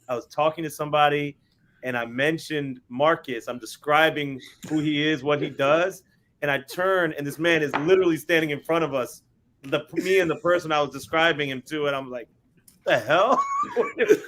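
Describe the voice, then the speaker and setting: A man's voice: fairly high pitch, steady tone, brisk, fairly bright tone, slight background noise. A man co-hosting a casual podcast, rambling and repeating words as he gets going. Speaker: podcast co-host. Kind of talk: casual banter.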